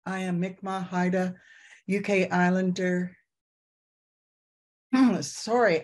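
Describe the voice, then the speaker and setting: A woman in her sixties from Canada, an elder giving gentle, reflective closing words with guided breathing over a video call. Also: fairly low pitch, steady tone, takes it slowly, long pauses. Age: 60s.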